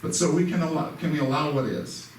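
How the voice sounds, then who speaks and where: A man with a fairly high-pitched voice talks fast through a casual spoken lesson in a church sanctuary. Conversational and self-deprecating, he acts out quoted dialogue. The mic sits far off in the echoey hall, with faint noise.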